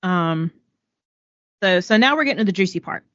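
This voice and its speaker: A woman's voice: on the low side, animated, normal speed, a bit bright, no echo, highs cut off. A woman with a Southern accent co-hosting a podcast, casually retelling a biography with frequent fillers. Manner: storytelling, with many "um"s and book quotes. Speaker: podcast co-host. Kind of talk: casual chat, summarizing a book.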